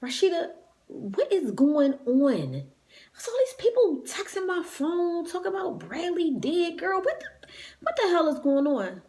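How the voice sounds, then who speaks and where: A woman's voice: very high-pitched, very animated, a little slow, warm tone, pitched above the performer's own voice, heavily acted. A woman voicing her sister, who is frantic and shocked, as she retells a phone call.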